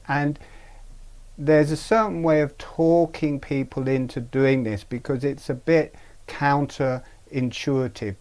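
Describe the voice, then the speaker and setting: A man teaching a breathing practice in an online webinar, speaking gently and haltingly, with frequent pauses. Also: mid-range voice. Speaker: meditation teacher.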